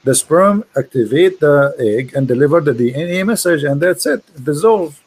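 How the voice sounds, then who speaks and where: A man with an Arabic accent debating on a video call, mocking and forceful, speaking in quick bursts and repeating his words. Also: on the high side, expressive, husky, low-quality recording. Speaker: host, debater. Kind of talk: casual debate chat.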